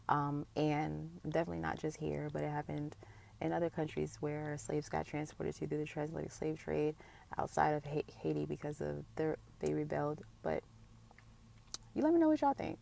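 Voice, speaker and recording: A woman's voice: low voice, monotone, normal speed, gravelly, darkish tone, a little hiss or hum. A woman casually talking to her viewers in a conversational video commentary. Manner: conversational, addresses viewers as y'all. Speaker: video creator.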